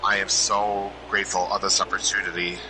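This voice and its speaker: A man giving an emotional hall of fame induction speech, halting and restarting as he loses his train of thought. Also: sits low, level tone. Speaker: inductee presenter. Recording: loud background noise.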